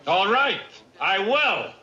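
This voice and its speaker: An actor playing a rude, bullying Marine sergeant who complains gruffly and sarcastically, in a 1960s TV sitcom. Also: male voice, high-pitched, sing-song, takes it slowly, pushed and bright, lo-fi sound, full character voice. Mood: grumbling. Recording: TV soundtrack with music.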